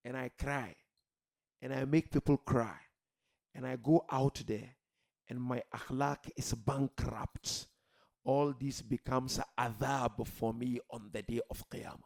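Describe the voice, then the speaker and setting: A man preaching a sermon to a gathering, swinging from soft pleading to loud shouted emphasis, asking rhetorical questions and repeating key words. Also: mid-range voice, creaky.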